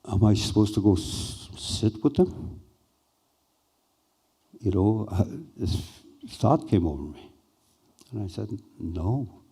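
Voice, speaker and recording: An older man slowly and haltingly recounting a personal experience as a speaker at a conference. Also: fairly low pitch, lively intonation, gravelly, mellow, slightly rough. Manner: slow, halting, reflective. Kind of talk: personal storytelling.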